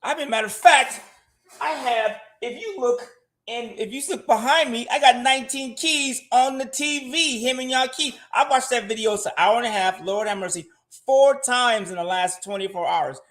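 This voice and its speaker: Speaking from his home, this finance-show guest answers viewer comments in a loose livestream manner, candid and freely profane. He has an extremely high, slightly bright voice and talks at a normal speed.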